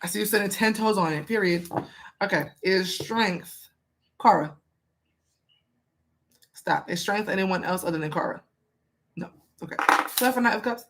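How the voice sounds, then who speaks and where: A woman's voice: mid-range voice, normal speed, pauses often, a bit bright. A woman reading tarot cards for a viewer in a casual, chatty way, asking the cards questions aloud and speaking with emphasis. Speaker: tarot reader.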